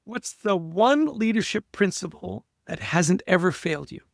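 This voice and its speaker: A man co-hosts a podcast with a high, gravelly voice. He talks with keen, coaching energy and steers the conversation along. The sound is dry and close. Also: no room sound. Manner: enthusiastic, coaching tone, runs the quick-fire questions. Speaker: podcast co-host. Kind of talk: casual interview chat.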